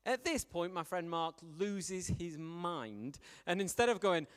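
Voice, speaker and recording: A man gives a sermon, telling stories in a chatty, lively way. His voice sits a little higher than most men's. The church's long reverb trails after each phrase. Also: measured pace, clean tone. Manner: conversational, animated storytelling. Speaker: preacher.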